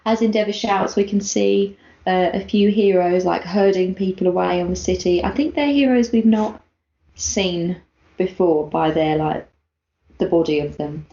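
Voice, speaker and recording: Co-host podcastu: kobieta z brytyjskim akcentem, ciepły głos, gadatliwa, w pogłosowym pokoju. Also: female voice, on the low side, moderate pace, vocal fry. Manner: chatty, giggly, animated reading of quotes. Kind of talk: casual chat recapping a manga chapter. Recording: lo-fi, echoey room.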